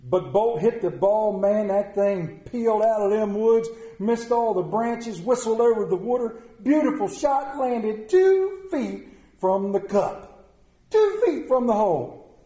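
A man's voice: sits high, measured pace. A middle-aged man preaching a sermon to a room, telling stories and acting out the voices in them. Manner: storytelling, animated, acts out voices in anecdotes. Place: large room with audience. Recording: echoey room.

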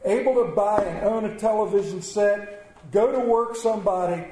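A man's voice: high-pitched, moderate pace, warm tone. A man in church asking the congregation for donations, questioning them directly. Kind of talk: offering appeal in church. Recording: echoey church hall.

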